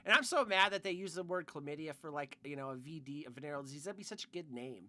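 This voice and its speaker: A man with a high, bright voice hosts a loose podcast chat. He reads viewer comments aloud and tosses in crude jokes. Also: expressive, fast. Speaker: podcast host reading chat. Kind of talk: casual chat.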